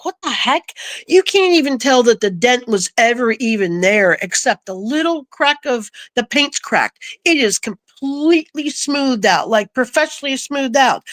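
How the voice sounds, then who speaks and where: A woman recounting a personal story in a casual, animated way, acting out the voices she quotes. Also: on the high side, no echo. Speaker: guest.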